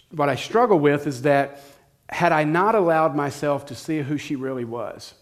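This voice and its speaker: Preaching in a medium-pitched voice, a middle-aged male pastor recounts a personal story. His tone is conversational, and he addresses the listeners directly.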